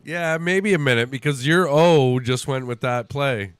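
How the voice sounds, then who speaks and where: A man's voice: medium pitch, measured pace, smooth, no room sound, clean studio sound. A man hosting a casual livestream and chatting while he watches a hockey game, telling crude stories with a joking manner. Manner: joking, tells crude stories, laughs often. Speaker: livestream host.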